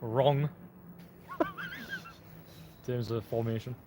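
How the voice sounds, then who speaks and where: A man's voice: mid-range voice, fairly even intonation, slow, background noise. A man bantering and giggling in a football fan live stream, recorded outdoors at a stadium. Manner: giggly, jokey, terse.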